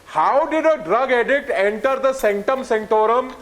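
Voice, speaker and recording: High-voiced impassioned Indian man. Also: animated, normal speed, a bit bright. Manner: impassioned, stammers into his points. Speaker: debate panelist. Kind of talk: televised studio debate.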